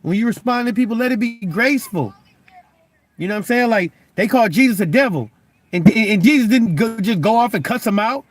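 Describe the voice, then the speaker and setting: With lively intonation and a fairly quick pace, the high voice of a young Christian vlogger comes through with no echo. His preaching is casual and conversational, full of stammers and repeated words as he presses on, and "you know what I'm saying" turns up constantly.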